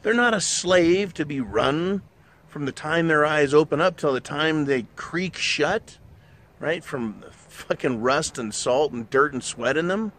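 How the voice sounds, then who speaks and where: Here a middle-aged show host delivers a ranting, expletive-laced monologue full of blunt opinions. His voice sits a little high and fairly bright, and he keeps a measured pace.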